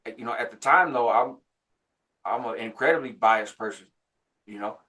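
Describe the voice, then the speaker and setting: Animated man telling a prison story. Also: moderate pace. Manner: animated, jumps higher when quoting others; laughs between phrases, frequent "right?". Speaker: channel host recounting prison life. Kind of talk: casual storytelling.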